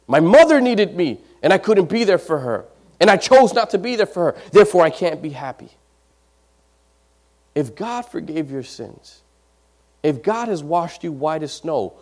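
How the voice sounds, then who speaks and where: A man delivering a sermon in a notably high voice. He swings between loud, emphatic peaks and hushed, near-whispered lines. He repeats phrases to drive them home and now and then stumbles over his words. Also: very animated, normal speed. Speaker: preacher.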